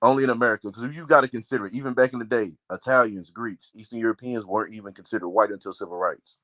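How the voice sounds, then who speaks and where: Fast-talking man in dry sound. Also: on the low side, a bit bright, dry recording. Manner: quick, explanatory, laughs easily. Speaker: podcast co-host. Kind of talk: casual panel discussion.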